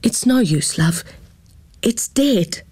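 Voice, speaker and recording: Woman voicing a gentle, worried New mother. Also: medium pitch, very animated, normal speed, slightly rough, dry recording. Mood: anxious. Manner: soft and soothing, calls her daughter love.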